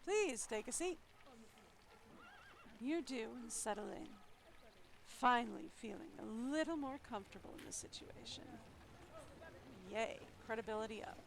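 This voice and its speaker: A woman's voice: fairly high pitch, normal speed, gravelly, a crowd in the background, low-quality recording. A young woman streaming, reading a story game aloud with playful, wry asides.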